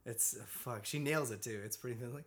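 A man's voice: mid-range voice, brisk, a bit bright. A man co-hosting a casual podcast chat, loose and profane, breaking into laughs often.

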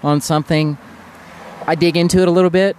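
A man's voice: fairly high pitch, fairly even intonation, brisk, a little mellow, slight background noise. Easygoing man talking shop, lots of fillers. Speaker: brewery guest. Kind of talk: casual podcast conversation.

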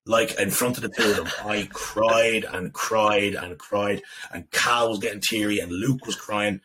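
A man's voice: on the low side, steady tone, a little slow, bright, forceful tone, slight background noise, rough recording. A young man telling an emotional personal story on a podcast, emphatic, swearing and repeating himself. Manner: emphatic, profane, repetitive. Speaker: guest.

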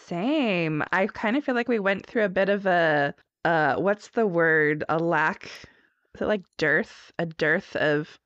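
A woman co-hosting a podcast in casual chat, chatty and quick to laugh. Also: fairly low pitch, a bit bright, no room sound. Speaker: podcast co-host. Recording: dull, lo-fi dry recording.

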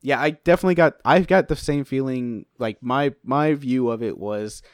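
A man co-hosts a casual recap podcast with hesitant, easygoing talk. His voice is medium-pitched, and the recording is dry with no room sound. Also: moderate pace, clean tone, no echo. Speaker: podcast co-host. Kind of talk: casual chat.

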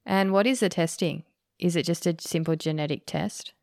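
A woman hosting a podcast, asking measured, thoughtful interview questions. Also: fairly low pitch, vocal fry, darkish tone, no room sound, studio quality. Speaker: podcast host.

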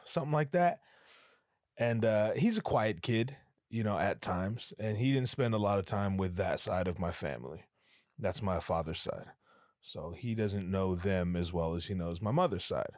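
A man's voice: lowish voice, no echo, clean studio sound. A man hosting a podcast alone, telling stories in a rambling, profane, casual way. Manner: rambling, profane, animated storytelling. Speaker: podcast host. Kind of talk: casual monologue.

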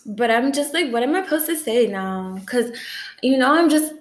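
A young woman from the American South talking in a profane, rambling, animated way in a casual vlog rant. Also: high voice, normal speed, echoey room. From Southern United States. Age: young adult.

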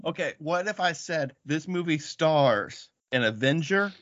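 A man's voice: a little high, expressive, measured pace, fairly bright tone, no room sound, muffled recording. A man hosting a casual movie podcast, joking and boasting playfully with his brothers. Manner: playful, boastful banter with laughs. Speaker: podcast host.

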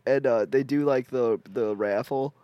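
A man's voice: medium pitch, unhurried, clean tone, no room sound, highs cut off. A young man in casual, crude comedy chat who rambles, laughs often and leans on filler words. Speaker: podcast co-host.

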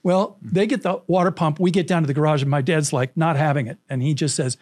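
A man's voice: on the high side, fast talker, hardly any pauses, no room sound, clean studio sound. A man from California who works as a storytelling coach, telling a vivid anecdote as an interview guest. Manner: animated, vivid anecdotal storytelling with acted quotes.

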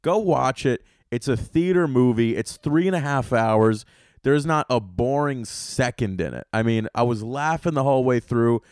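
A man's voice: medium pitch, normal speed, smooth, dry recording, studio quality. Profane young man ranting on a podcast. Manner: profane, animated, swings from loud outbursts to muttering. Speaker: podcast host. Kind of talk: solo podcast rant.

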